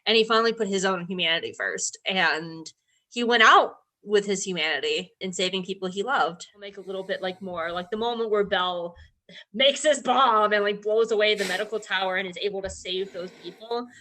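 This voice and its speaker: A woman's voice: mid-range voice, brisk, bright, forceful tone. A woman talking earnestly and emotionally as a guest in a casual podcast discussion.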